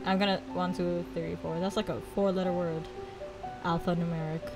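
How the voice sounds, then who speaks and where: A woman's voice: lowish voice, flat delivery, moderate pace, music in the background, poor audio. Giggly, chatty young woman streamer. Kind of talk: casual game stream chat.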